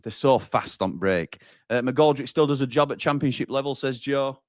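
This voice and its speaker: A man's voice: medium pitch, normal speed, no room sound, clean studio sound. A man hosting a live football watchalong, chatting and reading out viewer comments. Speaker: watchalong host.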